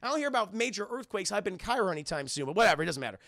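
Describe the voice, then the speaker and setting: A man casually recapping a film to his live chat, rambling, swearing and excitable, keeps calling out to the chat. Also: high-pitched, rapid-fire, dry recording, studio quality. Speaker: film reviewer streaming to chat.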